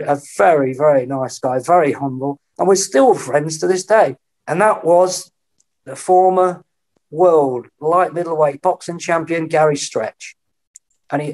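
Man, middle-aged, storytelling guest, lively delivery. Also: on the high side. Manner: animated anecdotes, acting out quoted voices. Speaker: podcast guest. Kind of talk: storytelling in a casual interview.

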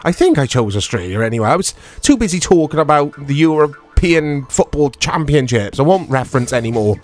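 A man's voice: fairly high pitch, very animated, fairly quick, a little mellow. A man giving casual, rambling commentary while playing an old racing game. He is self-deprecating and full of tag questions. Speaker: retro game reviewer. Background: background music.

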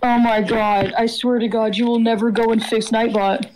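A woman's voice: fairly high pitch, little pitch movement, moderate pace, a little mellow, slight background noise, rough recording. A woman chatting as a co-streamer, dry and sarcastic, swearing casually. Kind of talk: casual game stream chat.

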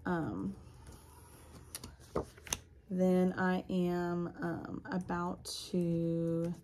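A woman's voice: on the low side, steady tone, drawn-out words, dark tone, slight background noise. A woman, a schoolteacher chatting casually through a vlog in her classroom, rambling with fillers. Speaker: elementary school teacher.

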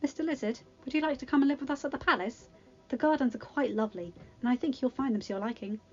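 A woman's voice: sits high, fast talker, muffled recording, faint music behind. A woman reading aloud, voicing a kind, shy young woman who talks eagerly to her animal friends. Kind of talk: storybook reading.

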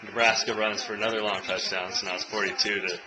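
A young man filming himself at home as he watches a football game, chatting and cheering loudly. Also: lowish voice, flat delivery, fast, a crowd in the background. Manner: swings from quiet chat to loud cheering shouts. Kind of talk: casual vlog, reacting to live football. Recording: noisy home video recording.

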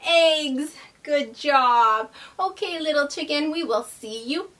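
A young woman hosting a toddler learning video, talking in a slow, exaggerated, sing-song way. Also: high-pitched, fairly bright tone, distant mic. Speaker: children's educational host. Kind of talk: teaching toddlers.

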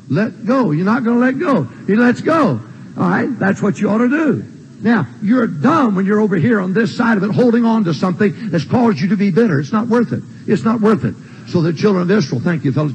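An older man preaching a sermon in a church, emphatic and repetitive, with shouted refrains. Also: sits high, animated, fairly quick, husky, muffled recording. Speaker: pastor. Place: church sanctuary.

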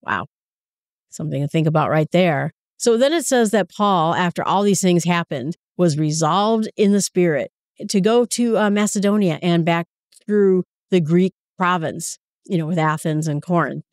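Chatty woman with a lowish voice. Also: normal speed, a little mellow, no room sound, clean studio sound. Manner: chatty, conversational, with asides and self-corrections. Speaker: Bible study podcast host. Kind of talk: casual Bible commentary.

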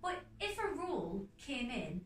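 A young woman in her twenties with a North East English accent, an actress talking as a guest in a casual interview, emphatic and animated with quick restarts. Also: fairly high pitch. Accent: North East England. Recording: echoey room, mic at a distance, faint music.

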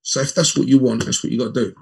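A man in his fifties, a former footballer, telling lively anecdotes as an interview guest and acting out the dialogue. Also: medium pitch, racing, creaky, slightly rough. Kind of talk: conversational storytelling in an interview.

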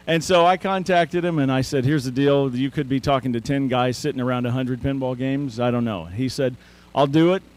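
A man's voice: mid-range voice, a little fast, darkish tone. A man hosting a show, chatting through a casual anecdotal introduction of a guest speaker.

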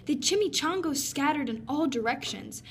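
A woman reading a children's picture book aloud with expressive storytelling. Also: high-pitched, moderate pace, a little hiss or hum. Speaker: reader.

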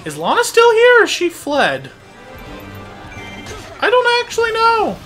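An excitable, wisecracking gameplay commentator whose voice leaps around a wide, lively range. The delivery is casual and sarcastic, with frequent laughter. Faint game music plays underneath. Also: very high voice, measured pace. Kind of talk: casual let's-play commentary.

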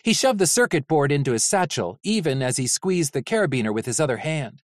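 An audiobook narrator reading a novel in an expressive, animated way. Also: mid-range voice, a little fast, dry recording, studio quality.

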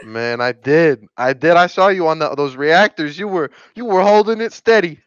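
A man's voice: a little high, moderate pace, fairly bright tone, clean tone, no room sound. A young man chatting casually while playing an online game, joking and teasing his friends with confident quips. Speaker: gaming channel host. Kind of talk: casual gameplay chat. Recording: dull lo-fi mic.

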